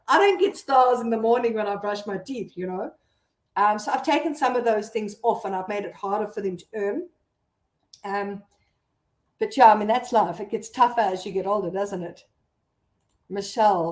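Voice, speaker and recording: A woman's voice: fairly high pitch, a little mellow, echoey room. A South African woman hosting a casual live stream, chatting and laughing as she reads out viewer comments.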